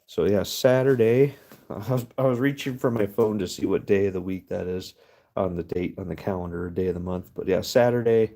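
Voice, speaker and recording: A man talks through a relaxed live stream from his workshop, drifting between topics while he stamps metal. His voice sits fairly low with a soft, warm tone. He swears freely and breaks into easy laughs. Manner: rambling, swears often, laughs easily. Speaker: livestream host. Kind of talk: casual live stream chat.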